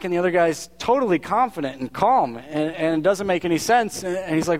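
A man's voice: sits high, fairly quick, few pauses. A man preaching a sermon to his congregation in an earnest, conversational way, often restarting his words. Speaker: pastor.

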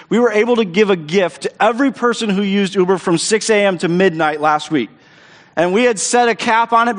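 Pastor, male, high voice, preaching live in a hall with long reverb, eager and repetitive. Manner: enthusiastic, repeats words and restarts phrases. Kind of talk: sermon. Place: church auditorium stage.

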